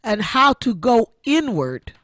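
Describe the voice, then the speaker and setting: Emotional woman in her sixties, slow. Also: fairly high pitch, big pitch swings, a bit bright, dry recording, clean studio sound. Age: 60s. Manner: emotional, repeats phrases like a preacher. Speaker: internet radio show host. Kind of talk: heartfelt personal testimony.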